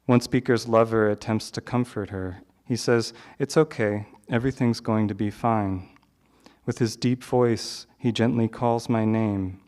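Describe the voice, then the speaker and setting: A man hosting a poetry reading, introducing the featured poet in a measured, literary delivery. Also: lowish voice, fairly even intonation, a little mellow. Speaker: event host introducing a poet. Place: live reading venue.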